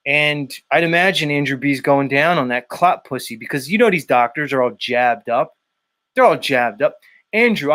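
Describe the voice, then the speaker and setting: Higher-voiced man ranting and swearing. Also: fairly bright tone. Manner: mocking, profane, ranting. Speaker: show host. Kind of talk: casual profane ranting commentary.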